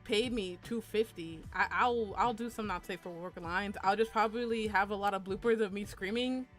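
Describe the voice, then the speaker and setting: A woman's voice: medium pitch, steady tone, moderate pace, faint music behind. A young adult woman streaming while she draws, chatting casually and crudely with viewers. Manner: chatty and crude, with frequent laughs and squeals. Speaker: VTuber streamer and artist. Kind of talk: casual live-stream chat while drawing.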